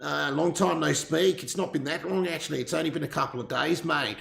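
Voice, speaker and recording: A man's voice: fairly high pitch, brisk, vocal fry, hardly any pauses, fairly bright tone, roomy sound. A man hosting a football watch-along livestream, chatting casually with viewers, laughing and swearing as he jokes around. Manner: jokey, laughing, swearing banter. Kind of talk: casual livestream chat reading viewer messages. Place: temporary setup on a trip in Spain.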